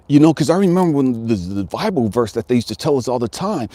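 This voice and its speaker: Man, motivational talk outdoors, earnest, repetitive build, animated pitch, mellow tone, dry sound. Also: quick pace, dry recording. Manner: earnest, preachy cadence, repeats phrases, rising intensity. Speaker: life coach and channel host. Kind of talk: casual motivational talk to camera. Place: outdoors in nature.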